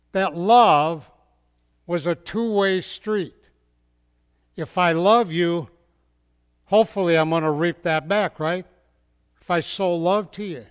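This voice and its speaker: A man's voice: sits high, a bit bright, clear, resonant tone. A man preaching a storytelling sermon in a folksy way, speaking directly to his listeners. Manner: folksy, addresses the audience directly. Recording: long hall reverb.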